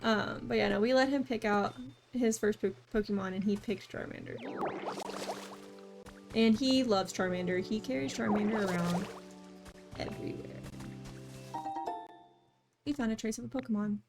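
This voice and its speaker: A woman's voice: medium pitch, normal speed, creaky, long pauses, over music. A young adult woman from the United States chatting playfully while streaming a game and reading its lines aloud. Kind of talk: casual gameplay chat.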